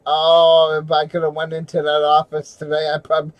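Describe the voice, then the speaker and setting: A man ranting angrily on a livestream from home at night, swearing constantly and shouting. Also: on the high side, steady tone, normal speed, few pauses, no echo, poor audio. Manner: furious, profane, shouting. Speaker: livestreamer and auditor. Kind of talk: angry livestream rant.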